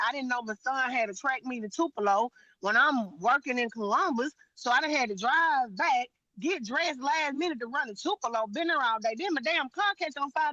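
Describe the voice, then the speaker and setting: A woman's voice: high-pitched, bright, forceful tone, no room sound, muffled recording. A woman telling a heated story on a live panel, blunt and profane, with lots of emphasis.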